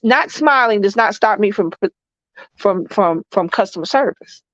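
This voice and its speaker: A woman's voice: medium pitch, expressive, measured pace, a bit bright, no room sound, muffled recording. A woman with a Southern accent co-hosting a casual live stream, talking bluntly and emphatically, often repeating herself. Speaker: co-host.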